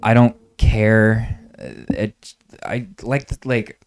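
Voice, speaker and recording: Smooth-voiced young man rambling casually. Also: lowish voice, slow pace, a little mellow. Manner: rambling, lots of fillers and swearing. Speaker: podcast co-host. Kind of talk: casual chat.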